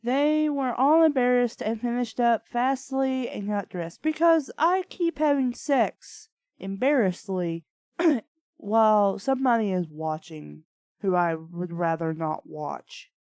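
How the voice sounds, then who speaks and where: A woman reading bad fan fiction aloud, breaking off for deadpan sarcastic asides. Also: fairly high pitch, slow, dry recording, clean studio sound. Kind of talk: dramatic reading with sarcastic commentary.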